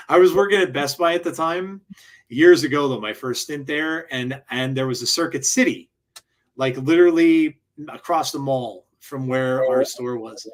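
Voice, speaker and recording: Podcast co-host, man, mid-pitch, chatty storyteller who restarts sentences a lot. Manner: rambling storyteller, frequent restarts and laughs. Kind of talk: casual chat.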